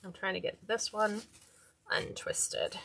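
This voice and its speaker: A woman's voice: mid-range voice, lively intonation, slow pace, vocal fry, a bit bright, slight background noise. A woman hosting a hands-on craft tutorial, chatting casually and talking to herself as she works. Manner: chatty, talks to herself while working.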